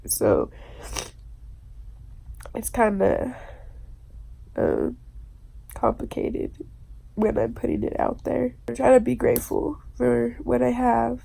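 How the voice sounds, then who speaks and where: Tearful woman, self-filmed confession: very gravelly, dark-toned voice, halting delivery, nervous laughs. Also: fairly high pitch, big pitch swings. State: tearful, crying. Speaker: vlogger. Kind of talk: confessional self-recorded monologue. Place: alone indoors. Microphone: self-filmed camera.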